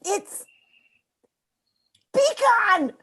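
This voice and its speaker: A woman reads a jittery young woman who stumbles over her words and laughs nervously. Her voice sits very high and swings widely, with an unhurried pace. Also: very animated, fairly bright tone, heavily acted. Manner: stammering, nervous, giggly. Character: flustered young woman serving divorce papers. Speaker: table-read actor. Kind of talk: live script reading.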